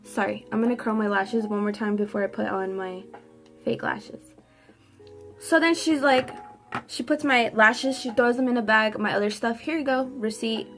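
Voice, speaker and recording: A young woman vlogger telling a sassy, animated storytime while doing her makeup. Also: on the high side, normal speed, soft background music. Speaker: beauty vlogger. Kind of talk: get-ready-with-me storytime.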